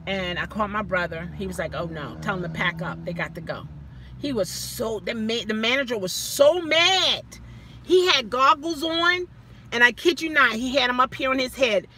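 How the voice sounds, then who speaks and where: A woman telling a story casually as a vlogger, animated, acting out the people she quotes. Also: on the high side, moderate pace, a little hiss or hum.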